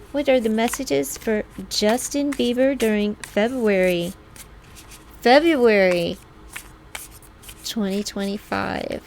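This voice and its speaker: A woman's voice: mid-range voice, vocal fry, a little mellow, a little hiss or hum. A woman giving a casual tarot reading in a chatty way, laughing often and acting out what people might say. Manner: chatty, laughs often, acts out quoted lines; slow, drawn-out talk. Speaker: tarot reader.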